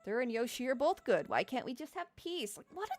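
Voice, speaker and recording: A woman's voice: high-pitched, sing-song, fairly quick, a little mellow, slight background noise. A young adult woman livestreaming, chatting casually, rambling, swearing a lot and laughing often. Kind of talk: casual live-stream chat reacting to comments.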